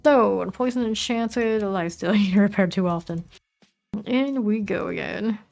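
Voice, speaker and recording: Southern lady streamer, chill chatty gameplay talk, reads loot names, soft game music behind. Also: mid-range voice, measured pace, gravelly. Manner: relaxed, chatty, reads item names aloud while playing. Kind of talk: casual gameplay commentary.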